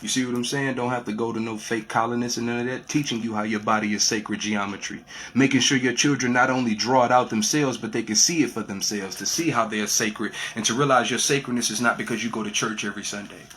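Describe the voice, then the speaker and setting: A man's voice: medium pitch, fairly even intonation, fast talker, few pauses, fairly bright tone, slight background noise. A man giving an improvised spiritual monologue as a teacher, preaching in a repetitive way with street slang.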